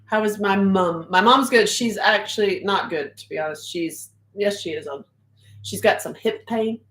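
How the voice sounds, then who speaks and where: A woman's voice: mid-range voice, moderate pace, fairly bright tone, roomy sound, low-quality recording. A middle-aged woman hosting a casual livestream, chatty and joking as she reads comments aloud. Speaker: livestream host.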